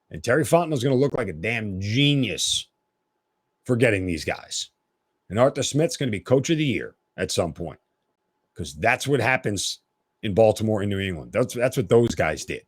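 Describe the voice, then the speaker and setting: Lively, emphatic man hosting sports talk. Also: medium pitch, dry recording, clean studio sound. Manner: opinionated, emphatic. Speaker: sports podcast host.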